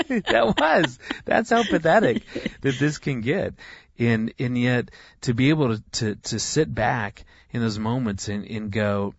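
A middle-aged man speaking as a guest in casual chat, earnest and halting with frequent restarts. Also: mid-range voice, gravelly, husky, dry recording, lo-fi sound.

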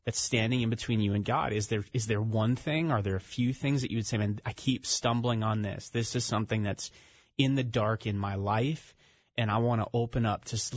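An author and ministry founder appears as a radio studio guest, telling a story in an earnest, conversational manner with fillers. His voice is lowish, and the dry recording has a slightly dull radio studio sound.

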